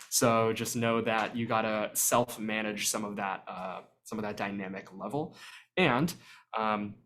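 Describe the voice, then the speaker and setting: Man, workshop presenter on a video call; relaxed explanatory delivery, filler-heavy. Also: mid-range voice. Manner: explanatory, conversational with frequent ums. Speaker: vocal percussion workshop presenter. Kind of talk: virtual workshop lecture.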